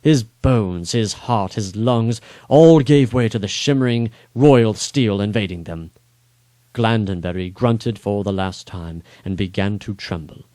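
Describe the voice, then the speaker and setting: Low-voiced man reading a dramatic story. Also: measured pace, no echo. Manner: expressive, rising on action beats.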